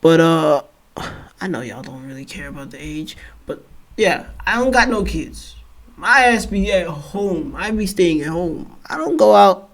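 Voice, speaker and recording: A 21-year-old man with a stuffy, blocked nose, rambling excitably and in slang as he hosts a reaction video. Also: fairly high pitch, a little slow. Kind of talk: casual reaction commentary.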